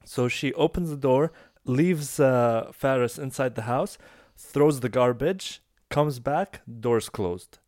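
A man's voice: slow pace, dry recording, studio quality. A man hosting a podcast, telling a story in casual chat and acting out the people in it. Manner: animated, acts out quoted voices in high pitch. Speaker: podcast host.

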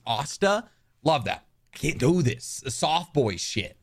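A man co-hosting a podcast in casual chat, ranting with animated swearing. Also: on the high side, moderate pace. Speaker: podcast co-host.

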